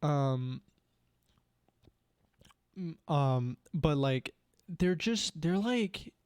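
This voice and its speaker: A man's voice: on the high side, expressive, extremely slow, a little mellow, clear, resonant tone, no echo, studio quality. A young man co-hosting a podcast in casual chat, rambling with many "like"s and "you know"s. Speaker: podcast co-host.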